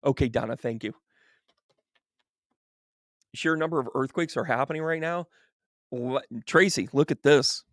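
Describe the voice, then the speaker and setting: A man working as a psychic medium, reading tarot cards on a live stream and chatting with viewers. He is animated and chummy, often laughing and calling people by name. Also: mid-range voice, a little slow, long pauses, dry recording, studio quality.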